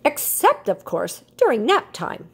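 A woman voicing a cheerful little female yellow bird who acts as a teacher, with excited, chirping delivery. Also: fairly high pitch, unhurried, gravelly, breathy edge, voice pushed up, exaggerated voice. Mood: excited, bossy.

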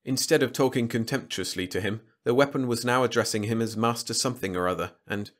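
A man reads a science-fiction story aloud as an audiobook narrator. His delivery is measured and even, at a middling pitch. It is a steady bedtime storytelling voice.

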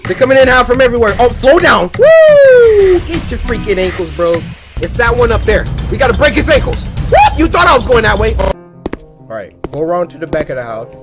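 A man giving hyped, trash-talking let's-play commentary on horror games, shouting catchphrases, with game music behind him. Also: very high voice, huge pitch swings, moderate pace. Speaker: gaming YouTuber. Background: game music and sound effects.

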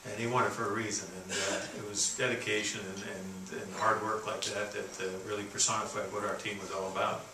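A man in his sixties from Canada giving a keynote speech, telling stories in a folksy, halting way full of fillers and restarts. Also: on the low side, flat delivery, background noise. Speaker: keynote speaker. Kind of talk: storytelling speech. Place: conference hall. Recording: roomy, distant venue recording with faint ambience.

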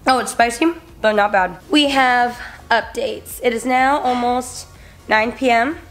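A young woman vlogs from her apartment into a handheld camera, chatty and upbeat. Her voice sits a bit high and sounds slightly hoarse. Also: measured pace. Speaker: vlogger. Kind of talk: casual vlog narration. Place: home apartment, indoors.

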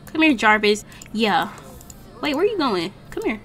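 Chatty young woman streamer, fairly high voice. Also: unhurried, faint music behind. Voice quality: slangy, animated exclamations. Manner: chatty, talks to viewers and game characters. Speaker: gaming streamer. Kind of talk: casual let's-play commentary.

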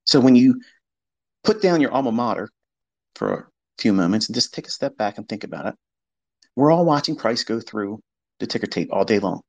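A man's voice: mid-range voice, very animated, moderate pace, pauses often, highs cut off. A man hosting an online audio chat, talking in a blunt, profane, casual monologue. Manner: blunt and profane, mocking the doubters he quotes. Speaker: trading educator hosting an audio space.

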